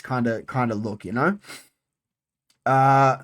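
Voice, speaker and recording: Excitable swearing man. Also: mid-range voice, normal speed. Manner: animated, frequent swearing, repeats phrases. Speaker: MMA channel host. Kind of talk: casual solo commentary.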